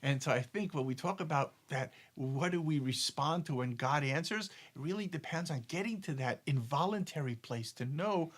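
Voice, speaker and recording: A man co-hosting a spiritual discussion show, casually telling jokes with a deep lesson and often repeating words as he thinks. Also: normal speed, few pauses. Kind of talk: casual storytelling chat.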